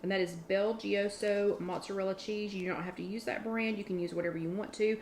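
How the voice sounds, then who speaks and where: A woman's voice: mid-range voice, steady tone, a little fast, darkish tone, slight background noise. A woman hosting a casual live cooking chat from her home kitchen, talking in a chatty, rambling way and restarting her sentences. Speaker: online workshop host.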